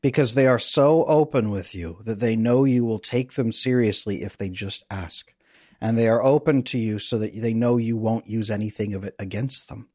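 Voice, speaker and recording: A middle-aged man, a relationship coach, talking as a podcast guest in a lively, playful, guiding way. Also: lowish voice, moderate pace, no echo, studio quality. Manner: energetic, playful, guides listener through an exercise. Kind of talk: conversational interview.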